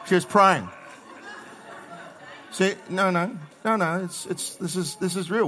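A middle-aged Australian man delivers a sermon with a fairly high voice. He talks to the congregation like a conversation, punching some words loudly and dropping others to quiet asides. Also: unhurried, some chatter behind. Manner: conversational, swings between loud emphasis and quiet asides. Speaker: pastor.

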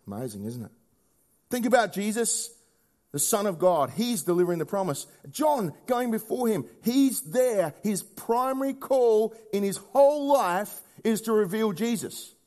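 Preaching in a conversational manner, this man leans on rhetorical questions and alternates between quiet, low delivery and loud, emphatic moments.

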